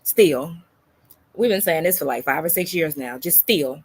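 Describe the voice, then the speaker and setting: A woman hosting a reaction video, her voice sitting a little low. She talks bluntly and mockingly, swearing freely and drawling pet names at the audience. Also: measured pace, a little mellow, breathy edge. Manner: blunt, mocking, profane, calls listener "baby" and "girl". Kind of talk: casual reaction commentary.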